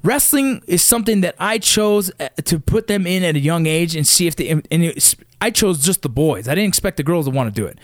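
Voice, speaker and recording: A man's voice: sits high, no echo, clean studio sound. A middle-aged man, a father, telling a heated, profane story about his kids' sports in a blunt casual way. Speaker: father of wrestling kids.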